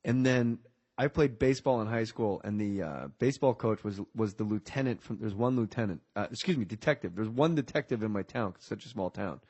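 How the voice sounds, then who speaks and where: A man's voice: lowish voice, brisk, a little mellow, husky. A man in his forties from New Jersey, a podcast guest who tells jokey stories and keeps slipping into other people's voices. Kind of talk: casual storytelling chat.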